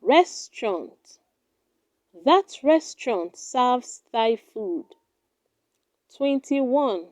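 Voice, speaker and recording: A woman teaching English pronunciation in a scripted lesson, deliberately saying each word twice and then using it in an example sentence. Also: fairly high pitch, sing-song, darkish tone, no room sound, studio quality.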